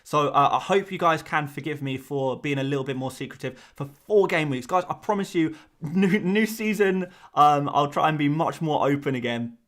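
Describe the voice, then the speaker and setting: A man's voice: fairly high pitch, moderate pace, fairly bright tone. A man hosting a fantasy football live stream, talking casually to his viewers and often repeating himself as he rambles.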